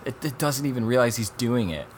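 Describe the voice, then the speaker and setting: A man casually chatting on a podcast, reviewing documentaries in an animated, rambling way and quoting people as he goes. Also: medium pitch, fairly quick, slight background noise. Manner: rambling, animated retelling with quoted voices and laughs. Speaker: podcast co-host.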